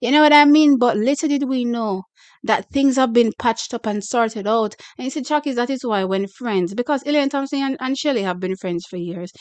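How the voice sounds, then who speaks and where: A Jamaican woman in her younger years runs her sports channel with excitable energy, drawing out words and breaking into chatty asides. Her voice sits a bit high for a woman. The sound is dry and close, with no room around it. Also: normal speed, clean tone, no echo. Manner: excitable, hyping, reads a press release aloud with asides. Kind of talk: casual track-and-field news commentary.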